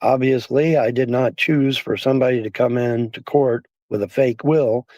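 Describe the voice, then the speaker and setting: A man's voice: medium pitch, steady tone, normal speed, dark tone, no echo, dull audio. A man streaming casually, rambling and repeating himself with many fillers, his voice worn down by the cold. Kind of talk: casual livestream talk.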